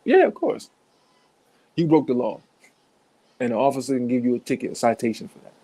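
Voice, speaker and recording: A man's voice: medium pitch, big pitch swings, fairly quick, warm tone. A man giving blunt, profane reaction commentary in a casual way, laughing between points.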